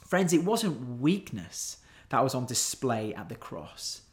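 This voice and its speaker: A man's voice: medium pitch, lively intonation, takes it slowly. A man preaching a sermon in an earnest, emphatic way, stretching out key words for weight.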